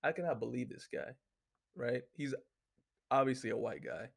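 A man hosts a solo talk show, ranting in a casual yet heated way, swearing constantly and using lots of filler words. His voice is medium in pitch and slightly rough with vocal fry, delivered at normal speed.

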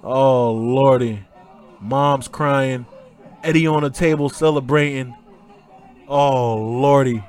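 A man's voice: mid-range voice, takes it slowly, long pauses. A man hosting a podcast, re-calling a wrestling match with a choked-up, tearful tone. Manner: excited play-by-play shouting, then emotional and hushed. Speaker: podcast host.

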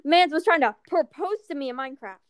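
A teenage girl chatting casually, telling animated stories and acting out what people said. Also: high voice, fast, dry recording, clean studio sound. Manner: animated storytelling, acting out quotes. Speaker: storyteller. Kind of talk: casual chat.

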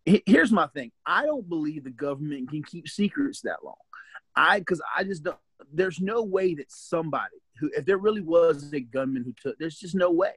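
A man's voice: on the high side, very animated, normal speed, a bit bright, husky, dry recording. A middle-aged man with a Southern US accent, co-hosting a casual podcast chat and making his points emphatically with many restarts. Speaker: podcast co-host.

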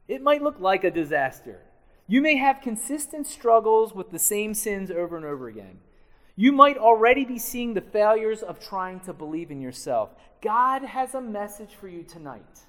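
High-voiced preacher in a reverberant hall. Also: male voice. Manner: emphatic, swings from loud to hushed. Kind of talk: sermon.

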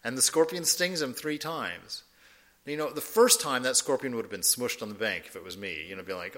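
A man's voice: mid-range voice, expressive, normal speed, bright, forceful tone. A man giving an informal spiritual talk, conversational and laughing often as he acts out little quoted voices. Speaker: spiritual teacher.

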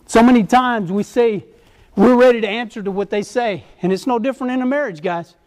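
A man's voice: extremely high pitch, brisk, a little mellow. A middle-aged man preaching to husbands and fathers, earnest and exhortative, repeating his key phrases. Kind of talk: sermon to men.

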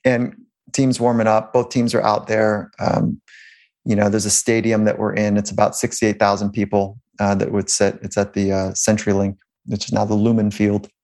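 A man's voice: fairly low pitch, level tone, moderate pace, darkish tone. A man, a sports psychologist, telling stories in an interview in a loose, rambling way with frequent restarts and chuckles. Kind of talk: conversational interview storytelling.

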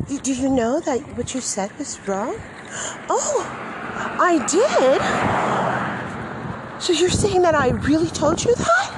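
A woman's voice: sits high, very noisy, pitched above the performer's own voice, full character voice. A woman mocking a fake-polite official with a sugary, sarcastic voice. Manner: mock-sweet, sarcastic.

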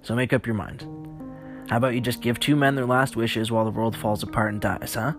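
A man's voice: mid-range voice, steady tone, brisk, music in the background, close to an everyday voice. A man voicing a cruel, crude male survivor who snarls taunting threats in a horror audiobook. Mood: menacing.

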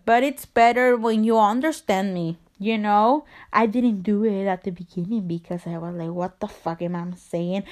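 A young woman hosts her podcast in English, which is not her first language, and her accent comes through on every word. Her voice sits a touch high, and she talks in a chatty, self-conscious way, laughing at herself and swearing casually as she reads from her phone. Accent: non-native English. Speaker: podcast host.

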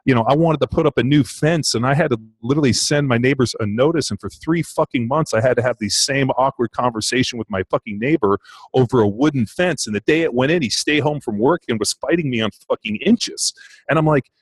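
Fast-talking, swearing man, dry sound. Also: medium pitch, slightly rough, no echo, rough recording. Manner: rambling storyteller, heavy swearing, many fillers. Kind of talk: casual podcast chat.

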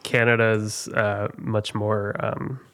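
A fairly low-pitched, slightly bright voice delivers questions flatly and slowly. The man is hosting a casual trivia quiz, chatting, mocking himself, and leaning on many fillers.

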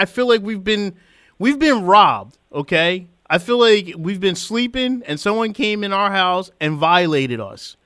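A man's voice: high-pitched, sharp tone, no echo, clean studio sound. A man hosting a casual sports podcast, talking emphatically and repeating phrases for effect as he vents. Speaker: podcast host.

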